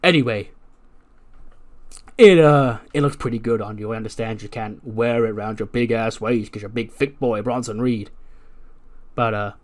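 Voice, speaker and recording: A brash male wrestler, as a man puts him on, boasting and mocking as he talks, in a voice of middling pitch. The delivery jumps in loudness and lands hard on its brags. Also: moderate pace, pauses often, natural voice. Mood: taunting.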